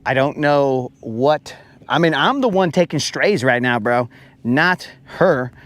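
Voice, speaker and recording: A man's voice: medium pitch, animated, slow pace, fairly bright tone. A man hosting a live fishing stream from a boat, chatting casually in a playful, rambling, slang-heavy way. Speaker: fishing livestream host. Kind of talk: casual chat. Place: boat on a lake, outdoors.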